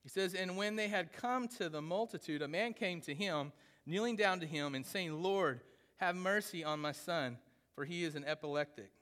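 A man's voice: on the high side, normal speed, a bit bright, in a large hall. A man preaching a sermon in a casual, conversational way, often checking in with the congregation. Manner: conversational teaching, often asks "right?". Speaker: pastor.

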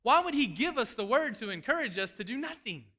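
A man's voice: extremely high pitch, very animated, a little fast, pushed and bright. A man preaching a sermon, fervent and emphatic, calling out to the congregation.

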